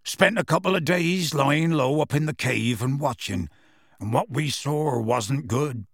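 A man voicing a huge, warm-hearted half-giant gamekeeper who talks in rough dialect and tells his tale with relish, in an audiobook reading. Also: medium pitch, a little slow, no room sound, clean studio sound. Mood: gruff storytelling. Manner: rough dialect speech, dropped sounds, storytelling relish.

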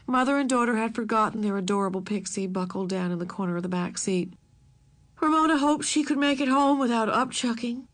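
A woman reading a children's novel aloud, measured and expressive. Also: mid-range voice. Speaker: narrator.

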